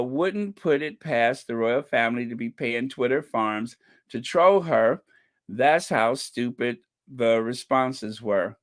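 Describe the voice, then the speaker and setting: A man hosting his own channel, chatting casually, laughing often, rambling with fillers. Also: mid-range voice. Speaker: channel host. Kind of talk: casual commentary.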